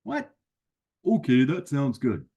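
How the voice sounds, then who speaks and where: A man's voice: medium pitch, wildly swooping pitch, slow, vocal fry, mellow, husky, exaggerated voice. A man voicing a cheerful, chatty sidekick puppet who keeps butting in with eager, friendly remarks. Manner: eager, friendly, pops in uninvited.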